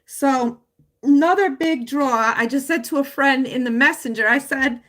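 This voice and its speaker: On a casual live stream promoting her home business, an emotional woman rambles with a wavering voice, full of fillers and restarts. Her heartfelt speech sits high and is somewhat bright, delivered at a moderate pace.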